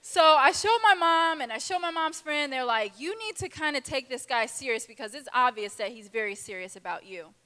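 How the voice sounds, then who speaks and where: A young woman speaking at a girls' conference, telling a lively personal story and acting out the people in it. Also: high voice, moderate pace, few pauses. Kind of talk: testimony talk to a youth audience. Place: large conference hall. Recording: reverberant hall.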